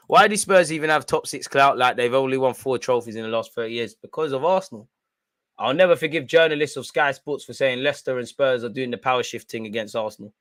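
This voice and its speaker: A man's voice: mid-range voice, dry recording. A man in his twenties with a London accent, hosting a live football watchalong, full of banter and slang-heavy stories. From London, England. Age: 20s. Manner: animated storytelling in London slang. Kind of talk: live match commentary and banter.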